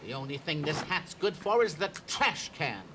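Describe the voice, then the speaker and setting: A man's voice: a little high, big pitch swings, moderate pace, very noisy. A man voicing a bumbling, grumpy stage magician with theatrical patter in a cartoon. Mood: blustering. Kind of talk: cartoon voice acting. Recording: soundtrack with loud music behind. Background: cartoon music.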